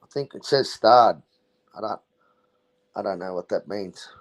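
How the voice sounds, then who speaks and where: A man's voice: lowish voice, measured pace. An Australian man hosting his livestream in casual chat, joking loosely and swearing as he goes. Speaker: livestream host.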